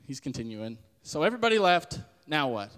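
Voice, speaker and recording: Animated young man preaching casually. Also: on the high side, brisk, long reverb tail. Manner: animated, acts out quoted voices with laughs. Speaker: podcast host. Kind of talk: casual sermon-style Bible talk.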